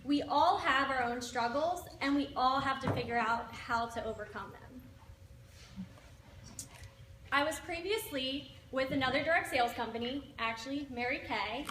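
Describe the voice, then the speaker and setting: A woman in her twenties telling her personal story of overcoming hardship, earnest and steady, as a member of a direct sales team. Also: high-pitched, normal speed, few pauses, recorded from a distance. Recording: echoey room with background noise.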